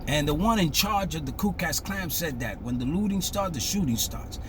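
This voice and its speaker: An impassioned man delivers social commentary like a preacher, hammering each point through repetition. His voice sits high and swings widely, emphatic and animated. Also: normal speed, background noise.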